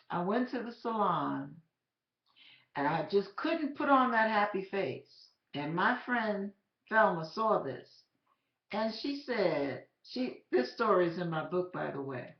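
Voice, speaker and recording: A woman telling her own faith story as a personal testimony, animated and emphatic, speaking directly to the listener. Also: mid-range voice, slow pace, pauses often. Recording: roomy, slightly dull recording.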